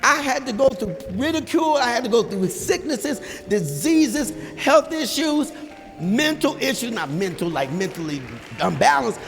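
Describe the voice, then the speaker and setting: A male pastor giving a sermon altar call, urging the congregation to come forward with repeated calls that rise to shouting. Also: very high-pitched, sing-song, normal speed, vocal fry. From Texas. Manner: rises to shouting at peaks. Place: large church sanctuary with balcony. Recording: live church sound with long reverb and soft music.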